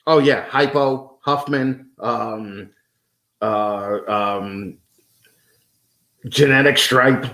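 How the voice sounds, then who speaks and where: A man's voice: mid-range voice, very slow, pauses often, bright, forceful tone, roomy sound. A man as a podcast guest in casual chat, ranting with heavy swearing and stammering restarts.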